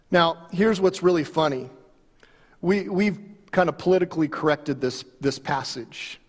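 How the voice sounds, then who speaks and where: A male pastor preaching a sermon with animated storytelling, dramatic pauses and big swings in volume. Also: on the high side, slightly rough. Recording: long hall reverb.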